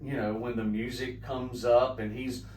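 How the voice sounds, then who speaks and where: A man's voice: mid-range voice, normal speed, far from the mic. This is a man in his forties from the Midwest, co-hosting a casual podcast. He tells stories eagerly and acts out other people's lines as he goes. He sits back from the mic in an echoey room, with faint background noise. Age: 40s. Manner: excited storyteller, acts out quotes. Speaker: podcast co-host. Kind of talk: casual chat.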